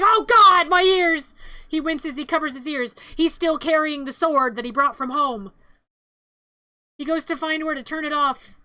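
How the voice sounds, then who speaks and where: A woman's voice: high voice, pushed and bright, no echo. A woman streamer retelling a film as a comedy bit, playful and rambling, with frequent asides.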